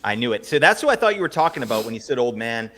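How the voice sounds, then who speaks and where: A man hosting a casual podcast chat, teasing his co-hosts and giving quick recaps. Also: medium pitch, big pitch swings, loud music behind the voice. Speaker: podcast host. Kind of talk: casual fantasy hockey chat.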